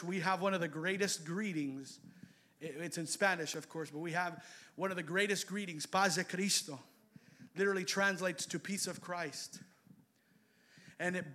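A man preaching a sermon, swinging between shouted exhortation and quiet, close asides. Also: high-pitched.

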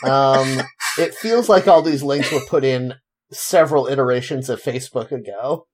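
A man's voice: mid-range voice, moderate pace. A man hosting a casual podcast, chatting with dry, sarcastic humor and laughing often. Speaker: podcast host.

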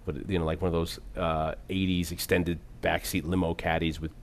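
Male co-host, low-pitched, loose and profane, rambling film chat. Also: level tone, moderate pace, a little hiss or hum. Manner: rambling, profane, laughs often. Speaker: podcast co-host. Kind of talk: casual film discussion.

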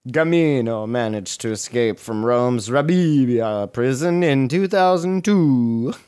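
A man's voice: mid-range voice, expressive, slow pace, darkish tone, clean tone. A man co-hosting a comedy podcast, reading odd news stories aloud with crude, sarcastic asides. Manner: jokey, crude, reads headlines with sarcastic asides. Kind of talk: casual comedic chat.

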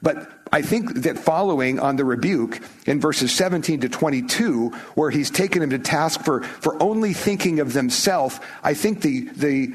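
Emphatic, conversational male preacher. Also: a little high. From United States. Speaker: pastor. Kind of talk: sermon.

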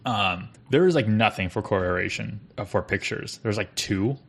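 A young man with a fairly low voice tells a story on a podcast. His delivery is casual and rambling, packed with fillers and restarts. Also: normal speed, gravelly, slightly rough. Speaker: podcast co-host.

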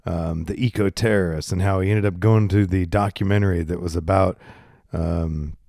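A man's voice: low-pitched, steady tone, normal speed, vocal fry, darkish tone, dry recording, studio quality. Congested man rambling into a handheld mic. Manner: rambling, candid and self-deprecating. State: congested, coughing and burping. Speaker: podcast host. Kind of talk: casual solo podcast monologue. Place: home garage. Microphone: handheld microphone.

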